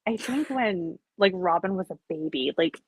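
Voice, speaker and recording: A woman's voice: fairly low pitch, lively intonation, moderate pace, slightly rough. A woman guest chatting casually and playfully, telling stories with hesitant fillers. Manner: playful storyteller, slips into silly voices, hesitant fillers. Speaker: guest and class instructor. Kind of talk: casual chat.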